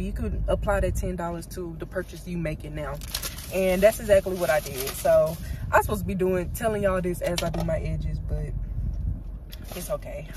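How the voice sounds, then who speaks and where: A woman's voice: medium pitch, noisy background. A young woman with a Southern American accent, chatting casually to her camera as a vlogger and calling her viewers y'all. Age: young adult. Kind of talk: casual vlog chat to camera.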